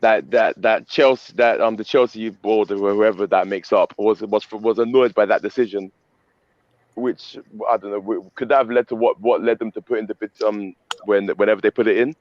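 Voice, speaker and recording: A man on a fan livestream arguing heatedly, talking quickly and restarting his sentences over and over. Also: fairly low pitch, fairly even intonation, no echo, highs cut off. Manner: rapid, repetitive, restarting mid-sentence, irritated. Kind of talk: heated casual debate.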